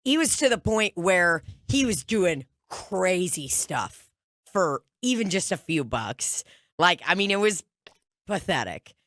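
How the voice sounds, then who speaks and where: A woman's voice: fairly low pitch, big pitch swings, slow, a bit bright, no echo, studio quality. A woman co-hosting a comedy podcast, telling a story in casual chat and laughing through her words. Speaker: podcast co-host.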